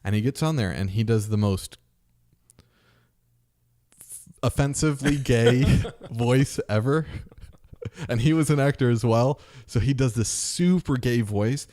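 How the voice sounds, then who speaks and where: A man's voice: mid-range voice, a little slow, long pauses, dark tone. A man in his thirties, a podcast host, telling a story in a casual chat and acting out the voices of people in it.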